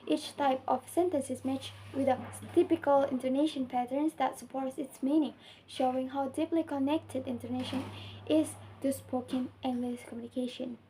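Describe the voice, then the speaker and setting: A woman's voice: high-pitched, steady tone, normal speed, mellow, slight background noise, rough recording. Young Indonesian woman reading her coursework. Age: young adult. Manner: careful, earnest reading with small slips. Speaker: student. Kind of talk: reading a class assignment.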